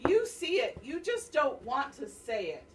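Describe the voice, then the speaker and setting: A woman voicing a lazy, greedy male spider trickster from a storybook who turns demanding and shouts when his trick fails, recorded from a distance. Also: mid-range voice, sing-song, a little slow, background noise. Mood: angry. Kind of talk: read-aloud storybook voice. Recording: distant mic, faint classroom ambience.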